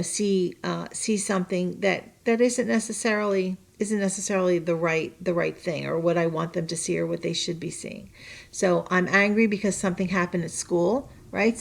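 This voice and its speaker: This is a woman teacher speaking to her students in a recorded online lesson. Her voice sits low and has a gravelly fry. She keeps a chatty tone, restarts sentences, draws on personal examples and keeps checking in with her listeners. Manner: chatty, checks in with tag questions.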